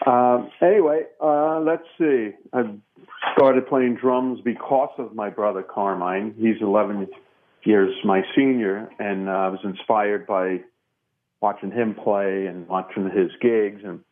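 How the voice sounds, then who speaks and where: A man in his sixties from Brooklyn, New York, telling relaxed, rambling stories as an interview guest, with plenty of fillers. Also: lowish voice, unhurried. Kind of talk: casual storytelling interview. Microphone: phone. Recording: tinny phone line.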